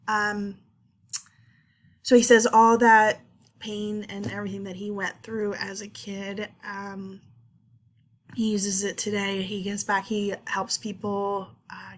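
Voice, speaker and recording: A young adult woman giving a class presentation, earnest and a little emotional, pausing often with fillers. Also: medium pitch, flat delivery, slight background noise. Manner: halting with many ums, earnest and emotional. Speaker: student presenter. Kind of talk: class presentation reading interview notes.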